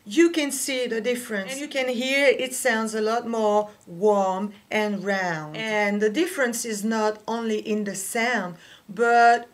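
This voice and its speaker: A woman whose first language is French, teaching a singing lesson and explaining slowly and carefully with small pauses. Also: a little high, steady tone. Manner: slow, careful explaining with fillers. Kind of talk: vocal lesson with sung demonstrations.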